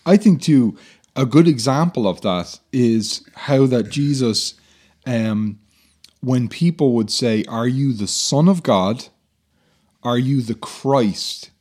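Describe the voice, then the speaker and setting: Man, mid-pitched, earnest teacherly explainer for a Bible talk. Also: slow pace, darkish tone, slightly rough. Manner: earnest, explanatory, many fillers.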